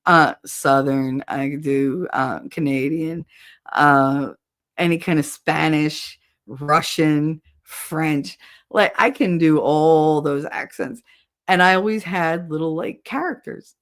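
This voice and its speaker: Animated woman chatting on a livestream. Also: low-pitched, slow pace. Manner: animated, switches voices and laughs easily. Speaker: livestream co-host. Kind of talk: casual livestream chat.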